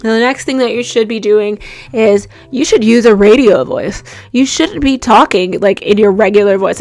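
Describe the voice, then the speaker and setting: A young woman giving voice and microphone tips in a casual, chatty vlog, talking in an animated way with lots of likes and you-knows. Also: a little high, moderate pace. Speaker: voice-over and radio host giving tips.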